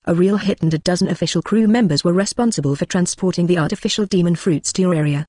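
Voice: mid-range voice, fast talker, dark tone, dry recording, studio quality, close to an everyday voice. A synthetic-sounding narrator reading the cautious, deferential lines of a nervous, tall, thin pirate underling.

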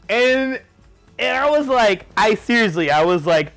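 A drunk young man telling a rambling story, jumping into loud high-pitched quotes. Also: lively intonation, a little slow, gravelly, soft background music. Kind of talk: tipsy rambling anecdote.

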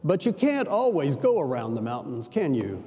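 Older male pastor, mellow storytelling. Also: a little high, big pitch swings, moderate pace. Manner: conversational storytelling preacher, self-correcting asides. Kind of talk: sermon. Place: large church sanctuary. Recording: reverberant church sanctuary.

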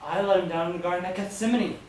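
Male actor as a remorseful apostle, high voice, distant echoey school hall with hiss. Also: fairly even intonation, fast, darkish tone, lightly acted. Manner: anguished, self-questioning. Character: remorseful male apostle, a friend who denied his master. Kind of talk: stage play monologue.

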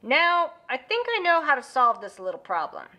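Lady reading papa bear, calm and kind, reassuring dad in a storybook, bright tone. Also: sits high, moderate pace, full character voice. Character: sensible kindly father bear.

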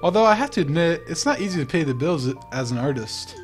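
A man voicing a gentle, thoughtful young woman artist from a farming game, in a softer, raised voice. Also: on the high side, expressive, quick pace, faint music behind, pitched above the performer's own voice, natural voice. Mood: earnest.

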